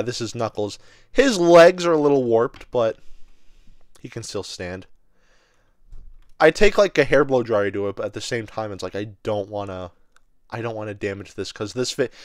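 Excitable young man unboxing toys. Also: mid-range voice, no echo, studio quality. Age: 20s. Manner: rambling, excitable, lots of filler words. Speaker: toy reviewer. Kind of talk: casual unboxing vlog.

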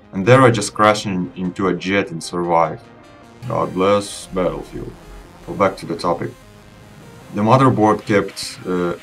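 A young man whose first language is Russian, giving a relaxed, rambling voice-over review of his gaming PC over gameplay, with casual restarts. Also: sits low. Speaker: PC gaming channel host.

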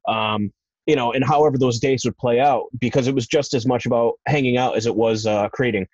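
A male podcast host in a casual interview who rambles and thinks aloud between questions. His voice sits at a middle pitch, recorded dry and a little dull, with a lo-fi edge. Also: fairly even intonation, a little fast, darkish tone, dry recording. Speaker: podcast host and wrestling promoter.

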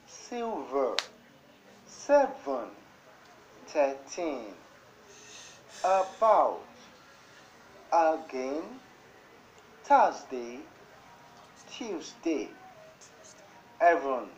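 A woman teacher with a Nigerian accent giving a broadcast classroom lesson, slowly dictating example words one at a time. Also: deep voice, darkish tone. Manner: slow, deliberate word-by-word dictation. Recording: dull lo-fi broadcast audio with faint noise.

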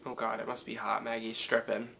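Man, casual reaction host, excitable, talks back to the screen, bright tense voice. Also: medium pitch, fairly quick, gravelly, slight background noise, rough recording.

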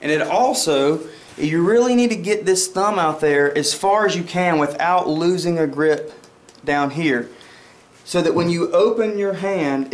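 A male firearms instructor walks through a demonstration lesson and calls out mock shots as he goes. His voice sits a little high, and the recording carries a noticeable room echo. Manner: explains step by step, says "okay?" often, mimics shots with "bang". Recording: roomy echo.

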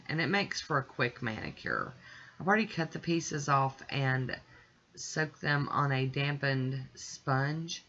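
A woman hosting her own nail art channel, narrating a tutorial in a chatty, relaxed way as she works step by step. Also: sits low, muffled recording.

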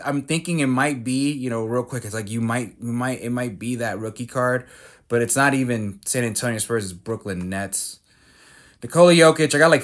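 A man's voice: medium pitch, fairly bright tone. A man hosting his own card-collecting channel, chatting casually as he reads out each card name and cracks self-mocking jokes. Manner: reads card names aloud, jokey and self-mocking, with fillers and restarts. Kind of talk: casual card-opening commentary.

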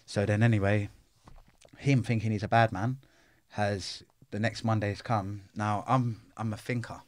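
A man's voice: fairly low pitch, steady tone, measured pace, dry recording. A middle-aged man, telling his life story bluntly in an interview, full of swearing and street slang. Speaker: interview guest.

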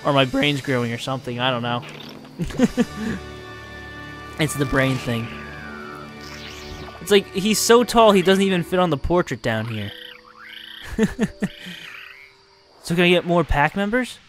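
A man giving excitable, exasperated gameplay commentary and laughing often as he plays. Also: on the high side, a little slow, long pauses, soft background music. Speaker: let's play host.

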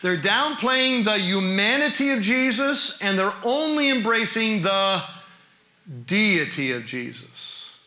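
A high-voiced man with a sharp, forceful tone gives an animated teaching lecture, asking the crowd question after question. He speaks as a New Testament professor. The sound is roomy, as if in a church hall. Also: slow. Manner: animated, with frequent rhetorical questions.

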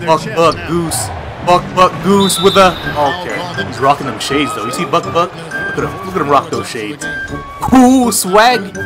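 A young man commentating his own basketball video game, hyped up, shouting and half-singing at big plays. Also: on the high side, huge pitch swings, measured pace. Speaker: gaming YouTuber. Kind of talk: excited gameplay commentary. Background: background music.

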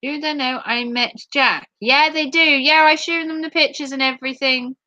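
A woman's voice: high-pitched, fairly even intonation, normal speed, hardly any pauses, pushed and bright, no echo, dull audio. A woman from Norfolk chatting playfully with viewers on a casual live stream. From Norfolk, England.

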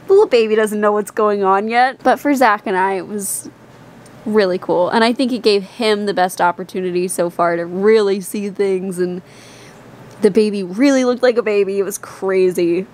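A woman's voice: medium pitch, normal speed, darkish tone. A young woman vlogging casually to camera, chatty and candid, with a rambling, open way of talking. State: tired and queasy, out of breath.

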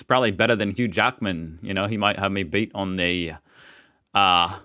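A man's voice: sits low, fairly even intonation, normal speed, pushed and bright. An American man hosting a reaction video, chatting casually and rambling with self-mocking jokes. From United States.

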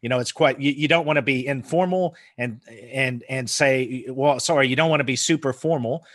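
A man's voice: medium pitch, a little fast, fairly bright tone, no echo, studio quality. American man with a hint of Kiwi. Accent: American with New Zealand influence. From United States. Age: 40s. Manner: chatty, laughs often, restarts words. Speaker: podcast guest. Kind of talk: casual chat.

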